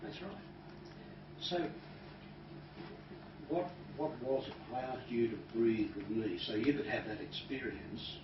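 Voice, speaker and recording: Calm male hypnotist in a roomy hall. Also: mid-range voice, measured pace, pauses often. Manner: calm, soft-spoken, drops to a hush when guiding breathing. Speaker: hypnotist trainer. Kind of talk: live training demonstration. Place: training room with an audience. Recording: roomy, distant, dull recording with noise.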